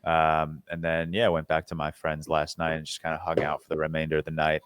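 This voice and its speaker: A young man with a very low voice chats loosely on a podcast, wandering through his week with lots of ums and false starts. The sound is dry and close to the mic. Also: monotone, fairly quick, fairly bright tone, clear, resonant tone, dry recording. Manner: rambling, filler-heavy, restarts often. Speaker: podcast co-host. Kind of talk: casual chat.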